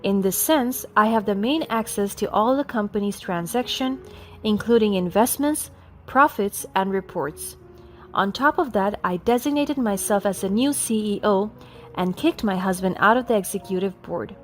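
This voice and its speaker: A woman reading a scripted first-person story in a cool, steady, matter-of-fact way. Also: mid-range voice, moderate pace, faint music behind. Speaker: narrator.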